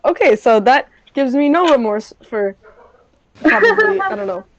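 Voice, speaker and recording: A woman playing a tabletop game, her voice a little high. She rambles playfully while describing her moves. Her mic sounds dull and lo-fi. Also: big pitch swings, normal speed. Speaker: player. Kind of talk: casual tabletop game play.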